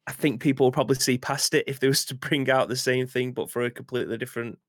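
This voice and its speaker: A man's voice: mid-range voice, fairly even intonation, quick pace, no room sound, clean studio sound. A man co-hosting a casual gaming news chat, easygoing and hedging his opinions. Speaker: co-host.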